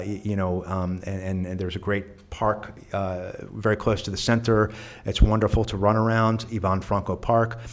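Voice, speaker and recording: A man talks through his answers in a casual interview. His delivery is earnest and reflective, full of small restarts. His voice sits a little low. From New York. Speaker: guest, volunteer.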